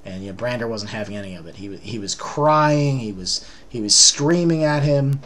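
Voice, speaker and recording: A man recaps a tabletop role-playing session in a casual, rambling way, leaning on fillers as he goes. His voice is bright and forceful at an ordinary pitch. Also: normal speed.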